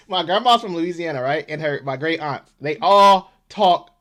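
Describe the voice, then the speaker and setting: Brief: reaction host, lively pitch, loud and joking. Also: measured pace. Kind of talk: casual commentary.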